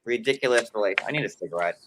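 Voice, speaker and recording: A man's voice: fairly low pitch, rapid-fire, background noise. A man hosting a casual livestream from a desk at home, talking in a chatty, sarcastic way full of "like". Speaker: host.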